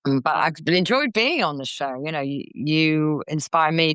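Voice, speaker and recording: A woman comedian and actor chatting as a guest in an interview, lively and quick to slip into character voices. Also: deep voice, clear, resonant tone, dry recording. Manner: animated, slips into character voices. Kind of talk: casual interview chat.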